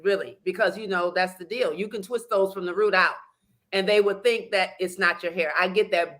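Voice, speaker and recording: A woman hosting a casual talk show, lively and quick with questions. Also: medium pitch.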